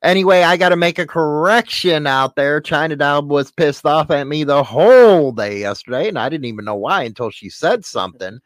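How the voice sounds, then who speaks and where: A man's voice: on the high side, expressive, normal speed, few pauses, no echo. A man hosting a podcast, talking in a blunt, profane, joking way. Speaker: podcast host. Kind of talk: casual banter.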